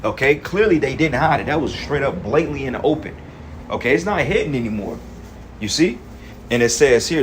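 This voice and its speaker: A man's voice: mid-range voice, lively intonation, moderate pace, a little hiss or hum. Angry profane preaching man. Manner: profane, fiery, reads verses then comments. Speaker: street preacher. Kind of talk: angry scripture-reading rant.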